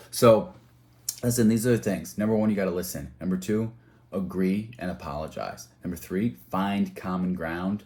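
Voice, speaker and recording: A man with a low, deep voice talks straight to his listeners, offering practical advice on handling conflict. He repeats key phrases for emphasis and moves between emphatic bursts and quieter asides. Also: normal speed. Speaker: speaker giving advice. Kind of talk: motivational talk to camera.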